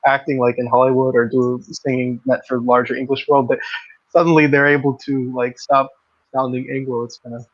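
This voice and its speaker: A man's voice: mid-range voice, little pitch movement, brisk, lo-fi sound. A man hosting a casual livestream discussion, speaking bluntly and with strong opinions as he reads out comments from the chat. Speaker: livestream host.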